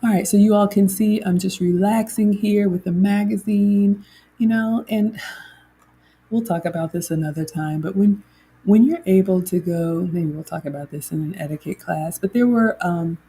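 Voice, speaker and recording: A woman's voice: mid-range voice, normal speed, dark tone, breathy edge. A middle-aged woman hosts a chatty livestream and reads viewer comments aloud. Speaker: host. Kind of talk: casual livestream chat.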